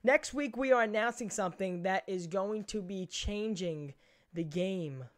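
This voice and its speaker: A man's voice: high-pitched, a little slow. A man hosting a live podcast in casual chat, rambling with frequent restarts and swearing. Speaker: podcast host.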